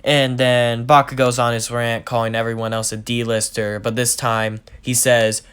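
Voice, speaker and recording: A man's voice: mid-range voice, level tone, normal speed, hardly any pauses, a bit bright, smooth. A young man casually retelling a fan story, rambling with lots of "like" and "basically". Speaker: channel storyteller.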